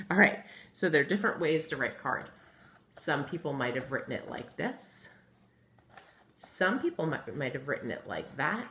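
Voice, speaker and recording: Patient low-voiced woman teaching first grade. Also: fairly bright tone, a little hiss or hum. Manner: patient, encouraging, spells words letter by letter; writes on a board while talking. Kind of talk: recorded remote phonics lesson.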